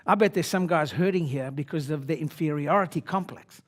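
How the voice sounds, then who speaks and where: A man in his sixties speaking at a seminar, brash and boastful, dropping to low asides and then pushing up into loud exhortation at the audience. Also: fairly quick. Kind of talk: motivational seminar talk. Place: conference room before an audience.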